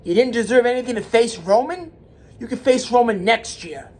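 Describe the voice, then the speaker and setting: His voice is very high and a little mellow, at a moderate pace. Alone on his own wrestling commentary channel, the man rants heatedly and emphatically, going over his points again and restarting words.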